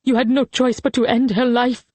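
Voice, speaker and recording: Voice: medium pitch, little pitch movement, normal speed, a little mellow, no echo, voice pushed up, lightly acted. A narrator voicing an elderly woman who snaps accusations with bitter fury. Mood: furious. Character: furious elderly woman confronting old enemy.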